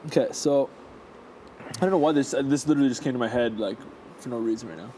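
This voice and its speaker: A man's voice: mid-range voice, fast talker, warm tone, a little hiss or hum. A young man telling a rambling story in casual chat, full of fillers and restarts. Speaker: houseguest.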